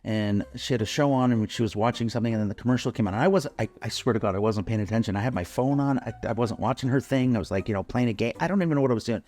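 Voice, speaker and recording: Animated man telling an ad story. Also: medium pitch, racing, few pauses. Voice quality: animated, swearing, laughing storyteller. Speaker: podcast co-host, advertising consultant. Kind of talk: casual chat.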